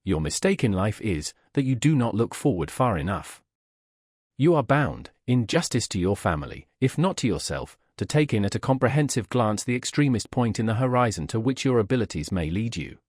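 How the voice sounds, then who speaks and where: A man's voice: lowish voice, sing-song, a little fast, darkish tone, no echo, studio quality. A man reading the part of a pompous, insistent middle-aged wife in an audiobook, speaking in a grand, formal, emphatic way.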